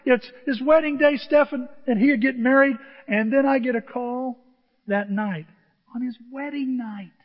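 High-voiced pastor in an echoing hall. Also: male voice, moderate pace, highs cut off. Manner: animated storytelling, acting out dialogue. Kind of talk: sermon.

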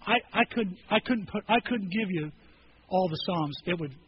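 A man preaching a sermon in a casual, animated way, acting out scripture scenes in quoted voices. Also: high-pitched, normal speed. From rural farm upbringing. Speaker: pastor. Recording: slightly dull recording with faint noise.

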